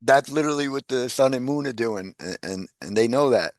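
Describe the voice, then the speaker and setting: A man's voice: medium pitch, fairly quick, dry recording. Laughing man in casual chat, dry sound. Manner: animated, laughs often, repeats words. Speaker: guest.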